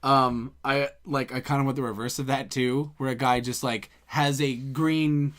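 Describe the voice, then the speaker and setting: A man co-hosting a comedy podcast, giggly, breaking into high shrieks and playful voices. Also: steady tone, moderate pace, fairly bright tone. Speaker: podcast co-host. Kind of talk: casual comedy chat.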